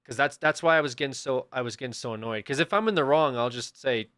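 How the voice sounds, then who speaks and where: A young man streaming and telling a story to his chat in an easygoing, middle-pitched voice. The sound is dry and up close. He keeps bursting into animated impressions of the people he quotes. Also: fast talker, smooth, dry recording. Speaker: livestreamer.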